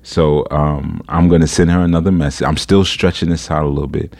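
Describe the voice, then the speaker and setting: A man hosting a podcast, telling a story in a casual, animated way, incredulous and laughing at times. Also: very deep voice, fairly quick, creaky. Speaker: podcast host.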